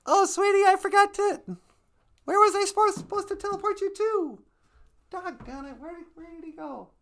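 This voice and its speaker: A woman's voice: extremely high pitch, normal speed, fairly bright tone. A woman co-hosting a live stream, talking in a playful, mock-flustered way.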